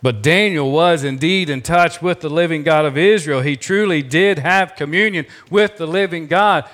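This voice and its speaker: A male pastor delivers a sermon with a fairly high-pitched voice. He talks with emphasis and repeats key phrases for effect. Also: normal speed, a bit bright.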